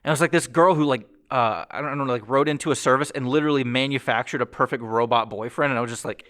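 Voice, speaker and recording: A young man in casual podcast chat, telling stories with animated energy. His voice is mid-pitched and ordinary, and he jumps up high when he acts out what someone said. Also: fast. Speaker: podcast host.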